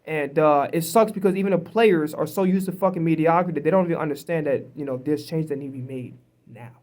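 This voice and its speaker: A man's voice: a little high, fast talker, a little mellow. Guy venting on his own camera, cussing nonstop, mad and frustrated, keeps restarting words when he gets heated. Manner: angry, profane, emphatic ranting. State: upset, frustrated. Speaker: sports commentator vlogger. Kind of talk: ranting sports vlog. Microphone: self-recorded camera.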